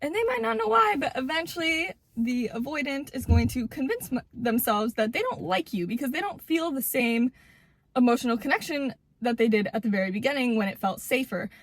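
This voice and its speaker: A woman's voice: a little high, fairly quick, no echo. A woman giving casual relationship advice to camera, blunt and emphatic, swearing freely and repeating words for stress.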